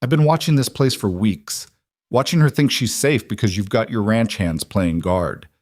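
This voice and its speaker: A man's voice: fairly low pitch, moderate pace, a little mellow, no echo, clean studio sound, lightly acted. A man voicing a ruthless young male outlaw with a snarling, contemptuous way of talking, in a scripted story reading. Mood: menacing.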